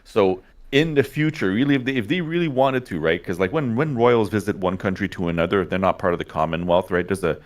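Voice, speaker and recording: A man's voice: lowish voice, fairly quick. A man co-hosting a casual livestream, explaining things in an opinionated way and often checking in with "right?". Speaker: livestream co-host.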